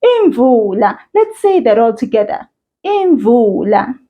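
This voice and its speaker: A woman teaching a children's language lesson, encouraging and sing-song, speaking slowly and clearly. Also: high voice, very animated, phone-quality sound. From South Africa.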